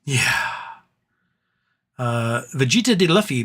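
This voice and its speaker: A man hosting a relaxed live stream, reading out comments from his viewers and answering them one by one. He is tired and his voice is starting to wear out, but he keeps talking in a loose, chatty way at a middle pitch. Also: moderate pace. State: tired, voice wearing out. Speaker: livestream host reading chat. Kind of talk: casual live-stream chat.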